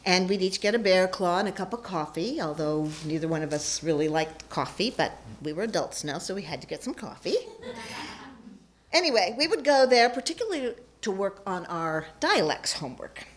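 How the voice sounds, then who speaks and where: A woman's voice: lowish voice, expressive, normal speed. A woman telling a personal story onstage before a live audience, playful and self-mocking.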